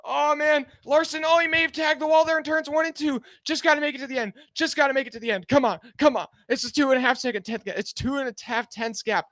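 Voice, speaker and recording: A man live-streaming a car race, giving excited, anxious fan play-by-play and pleading with the drivers, sounding out of breath. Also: very high-pitched, quick pace, hardly any pauses, no room sound, studio quality.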